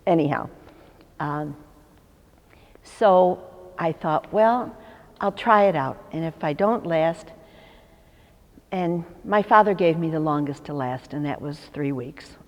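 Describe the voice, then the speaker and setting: Low voiced sixties woman from chicago, animated storyteller doing voices, long hall reverb. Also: slow pace, pauses often, muffled recording. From Chicago, USA. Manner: lively storyteller acting out quoted voices, laughing often. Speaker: religious sister interviewed for oral history. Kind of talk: storytelling in an interview.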